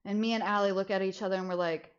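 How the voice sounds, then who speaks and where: A young adult woman streamer telling a story in casual chat, animated and often laughing as she goes. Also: mid-range voice, fast talker, muffled recording. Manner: animated, laughs through the story, frequent restarts.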